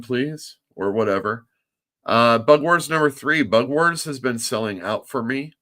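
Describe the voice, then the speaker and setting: A man's voice: medium pitch, lively intonation, unhurried, sharp tone. A man hosting a livestream show as a comic shop owner, chatty and self-mocking. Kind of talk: casual livestream talk.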